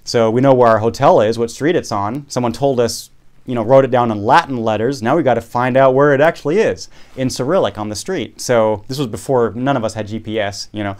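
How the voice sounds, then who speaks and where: A podcast host casually telling a travel story, rambling, correcting himself and making wry asides. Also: male voice, mid-range voice, brisk, a little mellow.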